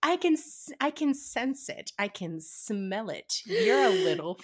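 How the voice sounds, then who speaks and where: A woman's voice: sits high, big pitch swings, takes it slowly, husky, pitched above the performer's own voice, full character voice. A woman playing a smug flirtatious male candy fae. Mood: teasing smug.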